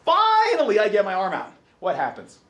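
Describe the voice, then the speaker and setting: A male college lecturer with a fairly high voice, telling anecdotes and quizzing students in a swooping, highly expressive delivery. He acts out his own reactions as he goes. The classroom gives his voice a roomy echo. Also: normal speed, far from the mic. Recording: echoey classroom.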